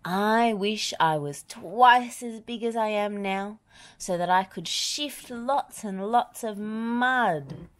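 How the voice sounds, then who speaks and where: A woman voicing a small, timid, excitable male digger machine in a storybook. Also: a little high, slow pace, hardly any pauses, slightly rough, pitched above the performer's own voice, exaggerated voice. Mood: wishful.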